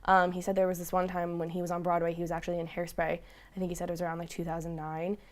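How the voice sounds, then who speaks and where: A woman's voice: fairly low pitch, completely flat delivery, very fast. A young woman speaking as a guest reporter in a casual studio chat, filling her sentences with "like". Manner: chatty, lots of "like" fillers.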